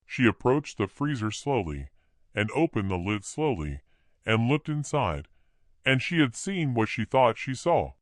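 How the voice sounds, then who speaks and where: A man's voice: lowish voice, no echo, studio quality. A man reading an audiobook, narrating expressively.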